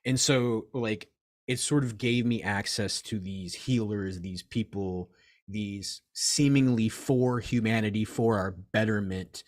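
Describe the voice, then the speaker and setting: A man's voice: on the low side, takes it slowly, no room sound, clean studio sound. Rambling swearing man in his forties. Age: 40s. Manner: rambling, animated, swears often, acts out quoted voices. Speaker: crystal and reiki shop owner, guest. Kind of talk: casual interview chat.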